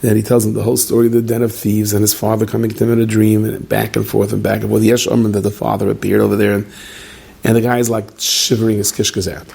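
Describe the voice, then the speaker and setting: Gravelly, husky rabbi telling a story. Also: male voice, on the low side, monotone, fast, a little mellow. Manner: conversational, with joking asides; sprinkles Yiddish and Hebrew words. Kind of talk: storytelling sermon.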